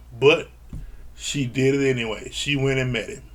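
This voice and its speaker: A man's voice: medium pitch, fairly even intonation, a little slow. A man recapping a reality TV episode in a blunt, exasperated rant, swearing freely. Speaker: reality TV reviewer. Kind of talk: casual ranting recap.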